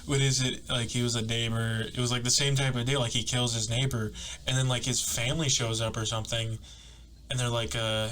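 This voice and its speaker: A man's voice: mid-range voice, level tone, a little fast, a bit bright, a little hiss or hum. A young man co-hosting a casual podcast, laughing often and acting out quotes as he tells stories. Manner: laughing storyteller, acts out quotes. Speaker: podcast co-host. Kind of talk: casual chat.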